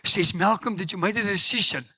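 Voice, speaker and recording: A middle-aged South African man preaching a sermon, telling personal stories and acting out the dialogue with loud exclamations. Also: high voice, fast talker, slightly rough. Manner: animated storytelling, acts out dialogue, exclaims loudly. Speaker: pastor.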